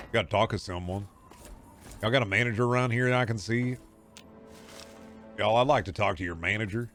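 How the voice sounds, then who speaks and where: A man's voice: on the low side, close to an everyday voice. A man doing a folksy swamp-country character with a put-on Southern drawl, calling everyone boy and demanding a manager. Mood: grumbling drawl.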